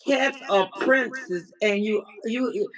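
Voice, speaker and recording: A woman's voice: on the high side, slow pace, a crowd in the background, poor audio. A woman life coach hosting a casual livestream check-in. She is playful and chatty, answers viewers by name, calls them baby and mixes in encouragement and faith talk.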